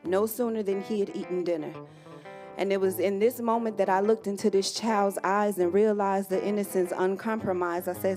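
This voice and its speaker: A woman performing spoken word poetry live with an emphatic, rhythmic delivery and pauses that hang between phrases. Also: mid-range voice, steady tone, darkish tone. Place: community music venue, live performance. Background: guitar playing.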